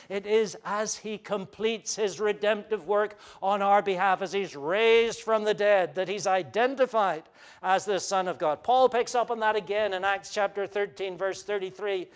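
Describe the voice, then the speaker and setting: A man's voice: high voice, a little slow, clear, resonant tone. A man preaching a sermon as pastor, earnest, with frequent fillers and restarts.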